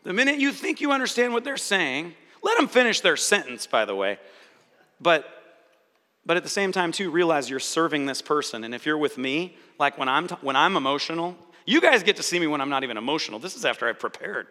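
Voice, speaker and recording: A man preaches in an animated way, acting out the voices he quotes. His voice sits high and sounds bright and forceful. It rings with the long reverb of a large hall. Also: brisk. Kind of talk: sermon-style teaching.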